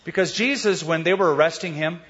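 A man's voice: fairly high pitch, fairly quick, a bit bright. A man preaching a Bible sermon in a conversational way, with casual asides and rhetorical questions. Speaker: pastor. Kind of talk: expository sermon. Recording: dull sound with long hall reverb.

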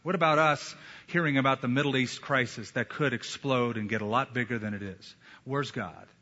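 A man preaching a sermon as a pastor, emphatic, with slow deliberate pauses. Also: medium pitch, pushed and bright. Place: church sanctuary. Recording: echoey hall, dull lo-fi sound.

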